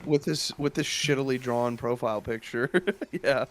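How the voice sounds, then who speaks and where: A man's voice: mid-range voice, background noise. A man co-hosting a stream, trading crude jokes in casual banter and laughing easily. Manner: joking, crude, quick to laugh. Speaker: stream co-host.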